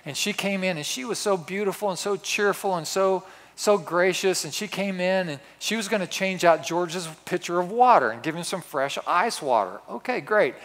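A man preaching a storytelling sermon, swinging from hushed asides to loud, emphatic exclamations. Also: high voice, moderate pace, hardly any pauses. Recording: long reverb of a large hall.

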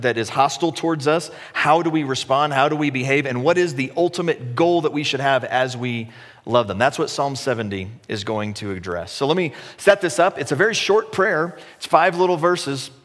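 A man's voice: on the high side, a little fast. A man preaching a sermon as a pastor, in a conversational way with self-deprecating humor. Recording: echoey hall.

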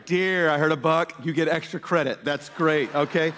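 A man preaching a sermon, telling stories with lively shouted quotes. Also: fairly high pitch, moderate pace. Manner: animated storytelling with shouted quotes. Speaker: pastor. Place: church sanctuary. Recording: church hall reverb.

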